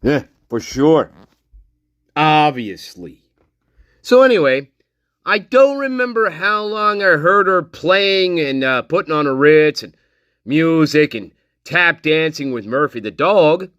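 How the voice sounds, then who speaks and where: A man hosting a livestream, slowly reading out and mocking a statement in a profane rant. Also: a little high, big pitch swings, fairly bright tone, no room sound, dull audio. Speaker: channel host. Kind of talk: livestream commentary.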